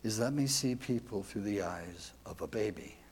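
A man's voice: lowish voice, normal speed, darkish tone, husky. A man telling a devotional story as a sermon, earnest and reflective, ending with questions to his listeners. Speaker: preacher.

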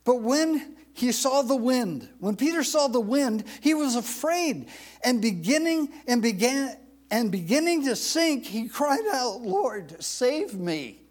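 High-voiced guy preaching slow, voice swoops up and down a lot. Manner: expressive preaching, repeats phrases, reads scripture aloud. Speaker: pastor. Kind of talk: sermon.

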